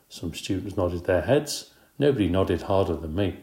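Man, storybook narration, wry, playful, mellow tone, roomy sound. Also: low-pitched, moderate pace. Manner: wry, playful first-person telling. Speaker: audiobook reader. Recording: roomy echo.

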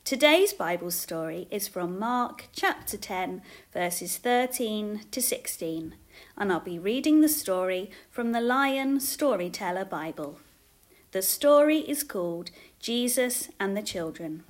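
A woman reading a children's Bible story aloud for her school, slow, clear and expressive. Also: mid-range voice. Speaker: teacher reading Bible stories.

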